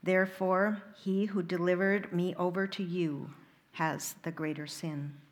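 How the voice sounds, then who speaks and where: Woman reader giving a calm man on trial, measured, slow, liturgical reading. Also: lowish voice, close to an everyday voice. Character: calm male teacher under trial.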